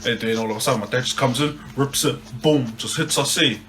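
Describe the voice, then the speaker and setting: A young man co-hosting a podcast tells a story casually and fast in a mid-range voice, with slight background noise. He's animated, swears a lot, and tacks "eh" onto the ends of his phrases.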